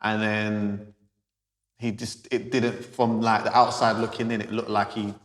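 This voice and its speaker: A man asks questions in a relaxed, chatty way. His voice is mid-pitched and sounds roomy, with a long reverb tail. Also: measured pace. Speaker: interviewer, host. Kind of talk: casual interview.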